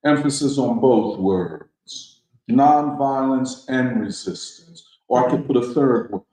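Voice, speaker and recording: A man's voice: mid-range voice, takes it slowly, darkish tone. A man leading a political discussion, speaking emphatically and preacherly, throwing out rhetorical questions. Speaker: discussion leader. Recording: echoey room.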